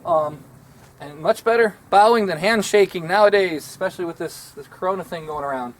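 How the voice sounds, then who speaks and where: Man, high voice, folksy rambling instructor, outdoors. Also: fairly quick. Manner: folksy, rambling, self-deprecating. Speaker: martial arts instructor. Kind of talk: casual instructional talk.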